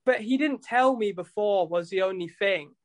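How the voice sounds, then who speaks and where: A man's voice: sits high, normal speed, dry recording. A man, a musician guest telling stories in a casual chat, rambling and swearing freely. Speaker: guest musician and tattoo artist.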